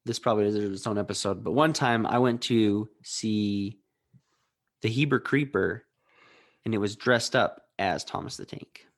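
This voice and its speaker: A man's voice: on the low side, moderate pace. A man co-hosting a podcast, joking and bantering casually. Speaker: podcast co-host. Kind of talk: casual chat.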